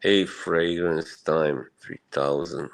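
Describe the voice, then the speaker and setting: A man with a very low voice rambles through a casual live stream, swearing as he answers his chat. He talks slowly and sounds emotionally shaken. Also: steady tone, vocal fry, background noise.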